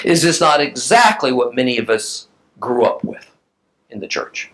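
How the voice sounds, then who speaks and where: A man's voice: mid-range voice, normal speed, a bit bright, poor audio. A man teaching a recorded Bible class who reads scripture aloud and explains it emphatically to his listeners.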